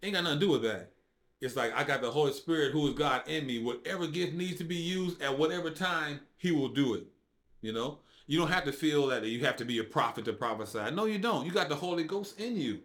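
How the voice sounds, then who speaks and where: A man telling his faith testimony as a podcast guest, in casual, informal speech, acting out quotes with big swings in his voice. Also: fairly quick. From United States. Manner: animated storyteller, acts out quotes with big jumps in pitch; informal speech with dropped verbs. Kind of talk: casual storytelling conversation.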